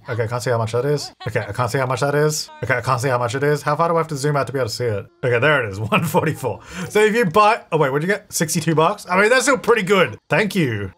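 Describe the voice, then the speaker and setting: Male let's-play host with a slightly high, bouncy voice; chatty, excitable, talks back to the characters. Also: fast talker. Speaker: gaming channel host. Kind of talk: casual gameplay commentary.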